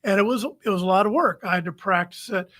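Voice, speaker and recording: A man's voice: sits high, fast, fairly bright tone. A man hosting a recruiting show, giving numbered coaching tips straight to the camera in a firm, plain-spoken way. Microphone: camera-facing webcast.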